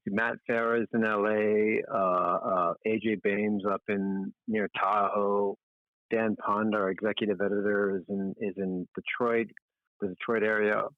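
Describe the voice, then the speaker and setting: A middle-aged man chats as a podcast guest, rambling in a friendly, self-deprecating way. His voice sits a little low and comes through a dry, tinny phone-like line. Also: flat delivery, a little slow, dry recording. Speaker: magazine editor-in-chief, guest. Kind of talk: casual interview talk.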